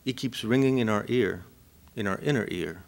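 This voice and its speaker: A man's voice: on the low side, normal speed, vocal fry. A man from Cuba whose first language is Spanish, giving a reflective academic lecture and often checking in with his listeners. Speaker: university lecturer.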